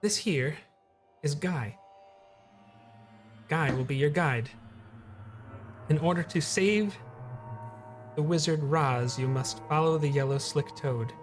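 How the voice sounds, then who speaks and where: A man's voice: fairly high pitch, takes it slowly, pauses often, faint music behind. A man voicing a male fantasy character who grandly presents a toad as the party's guide. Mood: proclaiming.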